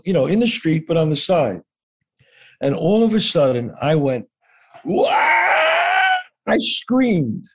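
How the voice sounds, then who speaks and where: A man telling a story as an interview guest, acting out the dialogue and swearing casually. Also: high voice.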